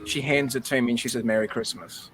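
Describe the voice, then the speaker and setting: A man's voice: medium pitch, steady tone, fast talker, fairly bright tone, faint music behind, poor audio. A middle-aged Australian man on a video call, telling a nostalgic, emotional story in a chatty way with lots of fillers. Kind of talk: casual storytelling.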